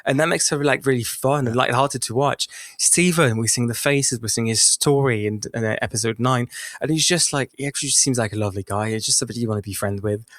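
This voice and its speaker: Young male host from North London, playful and animated, on a dry recording. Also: medium pitch, fast, no room sound. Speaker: podcast host. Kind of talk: casual podcast chat.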